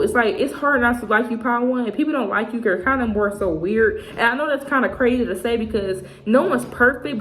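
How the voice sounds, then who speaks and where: Young woman giving a slangy tarot reading. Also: a little high. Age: 20s. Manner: slangy, chatty, acts out what people say. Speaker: tarot reader. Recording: echoey room with faint noise.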